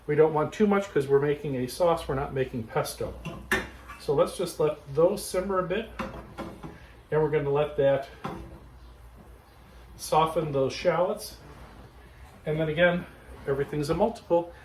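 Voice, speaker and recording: A man hosting a casual cooking demonstration, explaining each step in a relaxed, chatty way from his home kitchen. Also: a little high, normal speed, long pauses, a little hiss or hum, low-quality recording. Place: backyard garden, then home kitchen.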